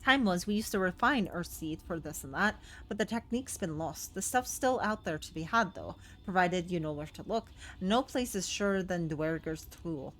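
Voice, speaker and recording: A woman voicing a gruff, blunt older male dwarf chief with a put-on rough folksy accent, reading game dialogue. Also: fairly low pitch, lively intonation, normal speed, hardly any pauses, fairly bright tone. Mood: explaining.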